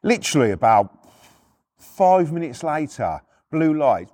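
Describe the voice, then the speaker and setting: Speaking at a measured pace, a very animated middle-aged British podcast storyteller shares casual first-person tales, blunt and full of swearing. He voices quotes through pitch shifts, and his slightly rough, darkish tone comes through in clean studio sound with no room noise.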